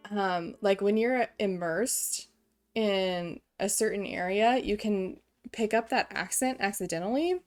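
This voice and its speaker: A young American woman from Kansas chatting on her live stream, talking herself down with little laughs. Her voice sits at an ordinary middle pitch. Quiet game music runs softly behind her. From Kansas, USA. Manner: chatty, self-deprecating, giggly asides. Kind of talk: casual live-stream chat.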